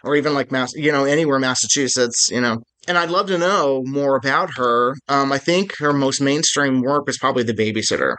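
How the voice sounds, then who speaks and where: A man's voice: mid-range voice, fairly quick, hardly any pauses, pushed and bright. A man co-hosting a podcast about films, chatting casually and with enthusiasm, often restarting his sentences. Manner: enthusiastic, rambling, many self-restarts. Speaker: podcast co-host. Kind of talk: casual film-discussion chat.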